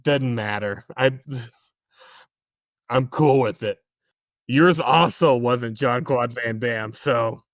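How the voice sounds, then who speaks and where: A man's voice: mid-range voice, takes it slowly, long pauses, dry recording, studio quality. A man co-hosting a movie podcast in casual chat, with a blunt, teasing manner. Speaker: podcast co-host.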